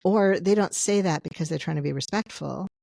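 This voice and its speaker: A woman's voice: fairly low pitch, brisk, creaky, dark tone, no room sound. A woman author, a guest on a podcast, explaining her ideas at length in casual conversation. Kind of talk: casual interview chat.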